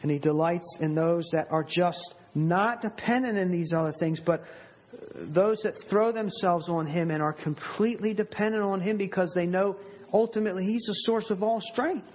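A man delivers a sermon in an earnest, emphatic way, slowing to press on key words and repeating them for weight. His voice sits a little high and carries a husky edge. The recording sounds dull and lo-fi. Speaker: preacher.

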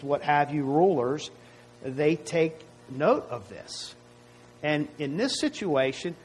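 A man's voice: a little high, slight background noise, rough recording. A man preaching a sermon to his congregation in a conversational way, often asking rhetorical questions. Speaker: pastor.

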